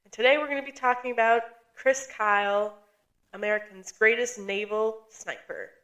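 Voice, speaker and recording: A woman's voice: a little high, normal speed, fairly bright tone. A woman from the US Midwest co-hosting a podcast, playful and jokey, with theatrical intros and banter. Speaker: podcast co-host. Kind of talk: casual podcast chat.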